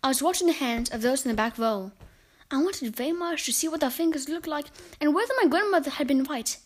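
High-voiced woman reading a story. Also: fairly quick. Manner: expressive, dramatic. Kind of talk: reading a children's book aloud.

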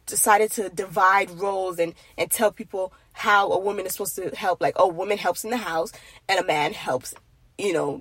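A woman's voice: medium pitch, husky, dry recording. A young woman from Nigeria talking in an earnest, rambling way about faith and marriage. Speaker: faith vlogger. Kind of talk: casual faith monologue.

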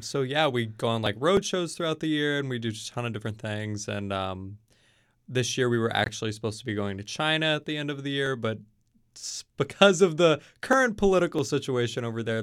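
A young man from Kentucky chats as a guest on a student interview show. His voice is smooth and clear at a mid pitch. He tells stories loosely, full of likes and ums. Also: a little fast, a bit bright. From Kentucky, USA. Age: young adult. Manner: chatty, storytelling, many fillers. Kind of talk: casual interview chat.

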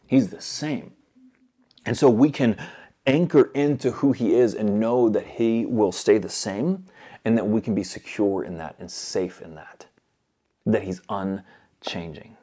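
A man preaching a sermon earnestly, moving between loud urgent stretches and soft hushed ones. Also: fairly low pitch, unhurried, slightly rough.

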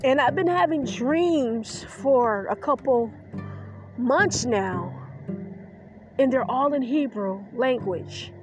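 Emotional woman podcaster over music. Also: a little high. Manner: choked up, defiant, emphatic. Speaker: podcast host. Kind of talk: emotional personal monologue.

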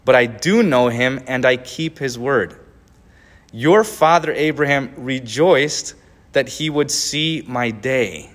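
Male preacher, mid-range voice, alternates emphatic scripture reading with relaxed commentary. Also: medium pitch. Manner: reads verses with rising emphasis, then comments with small laughs and restarts. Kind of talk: sermon, reading and explaining scripture.

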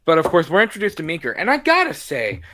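Animated young man chatting about movies. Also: a little high, fast talker, dry recording. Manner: animated, acts out quotes from scenes. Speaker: podcast co-host. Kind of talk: casual movie discussion.

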